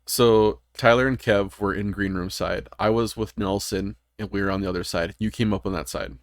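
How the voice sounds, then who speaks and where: Rambling low-voiced male podcast host. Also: fairly even intonation, normal speed, no room sound, clean studio sound. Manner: rambling storyteller with many ums and restarts. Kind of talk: casual gaming podcast chat.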